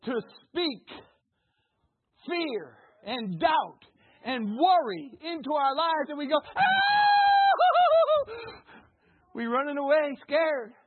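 A man preaching a sermon in an animated way, breaking into shouts and acted-out voices. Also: very high voice, slightly rough, no echo. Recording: tinny phone-like, dry sound.

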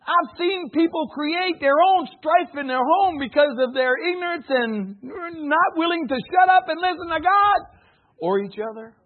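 A man preaching a folksy, animated sermon to a congregation, calling out for responses. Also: very high-pitched. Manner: folksy, animated, calls for audience responses, laughs often. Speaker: pastor. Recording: phone-like narrow band.

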